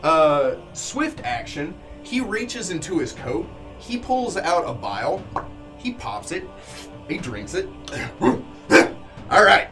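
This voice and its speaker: A man narrating a tabletop game as game master in a descriptive, relaxed way. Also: on the high side, slow pace, soft background music.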